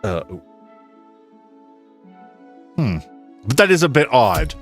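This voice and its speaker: A man streaming a video game, chatting with his viewers and reacting out loud, laughing often. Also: mid-range voice, very animated, slow pace, soft background music. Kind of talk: live-stream game commentary.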